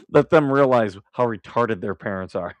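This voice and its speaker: Male streamer host, blunt and foul-mouthed, mid pitch, dry close sound. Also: no room sound. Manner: blunt, profane and combative; laughs at his own remarks. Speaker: livestream host. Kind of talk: casual live commentary.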